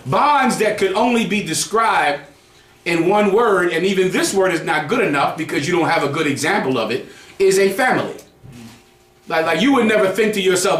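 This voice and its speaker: High lively guy preaching, fired up and mocking, swears a lot, roomy echo, faint hiss. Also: normal speed. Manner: heated, mocking, swears freely. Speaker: group teacher. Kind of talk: street preaching.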